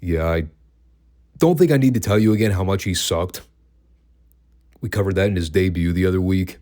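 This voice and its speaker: A man with a slightly low voice talks through old wrestling shows in a loose, casual podcast style. He is dry and profane, and sometimes breaks into laughter at his own jokes. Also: moderate pace, warm tone. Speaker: podcast host reviewing wrestling.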